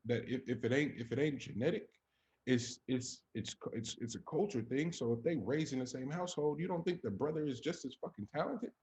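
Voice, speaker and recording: A man co-hosting a podcast in casual chat, talking emphatically with plenty of profanity and rising to animated peaks. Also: mid-range voice. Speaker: podcast co-host.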